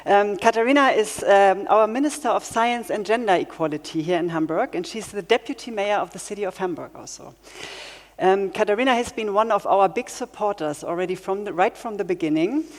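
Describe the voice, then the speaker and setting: A woman's voice: mid-range voice, fairly quick. A woman moderating a conference who introduces speakers in a chatty, informal way with many fillers. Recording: echoey hall with faint crowd.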